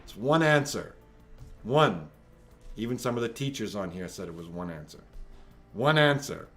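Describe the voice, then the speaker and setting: A man's voice: on the low side, expressive, normal speed, a bit bright, faint music behind. A man hosting a live-streamed trivia night from home, reading questions and joking with players in a chatty, teasing way. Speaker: trivia quiz host.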